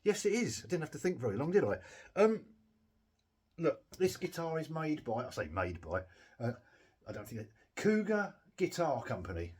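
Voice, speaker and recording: A man's voice: on the high side, very animated, moderate pace, a little mellow, slightly rough. A man talking casually and self-mockingly as he fixes a cheap guitar, a bit tired and giddy, with guitar playing behind. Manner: rambling, sweary, self-mocking. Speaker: guitar repair vlogger. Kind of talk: casual chat.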